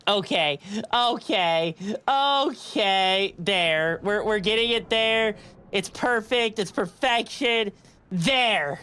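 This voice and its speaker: Speaking slowly and smoothly at a medium pitch, this young VTuber streamer keeps things casual. She reads her chat aloud, answers viewers, and giggles a lot in her animated way.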